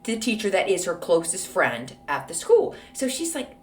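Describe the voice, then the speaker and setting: A woman's voice: fairly low pitch, huge pitch swings, moderate pace, slight background noise. A woman hosting a casual solo podcast, answering an advice letter in a snarky, gossipy storytelling way with lots of fillers. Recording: roomy echo, voice off-mic.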